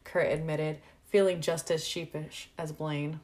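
A woman reading a fan fiction story aloud in a measured, unhurried narration. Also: low voice, flat delivery, darkish tone. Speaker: story reader.

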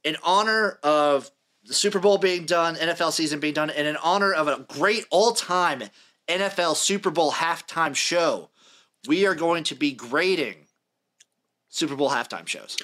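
A man's voice: a little high, moderate pace, sharp tone. A man in his late twenties hosting a casual sports podcast, reading out dates and acts in turn with dry jokes. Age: late 20s. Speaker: podcast host.

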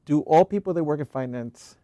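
Male co-host with a warm, dark tone, dry quips, close dead mic. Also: on the high side, brisk, no echo. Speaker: podcast co-host. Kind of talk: casual chat.

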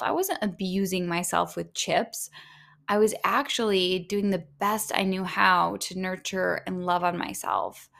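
A woman coach giving a self-help talk, gentle and earnest, speaking straight to the listener. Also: medium pitch, vocal fry.

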